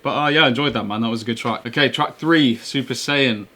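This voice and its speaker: A man's voice: mid-range voice, fast, sharp tone. A man hosting a music reaction video, chatting casually in an enthusiastic, slangy, rambling way.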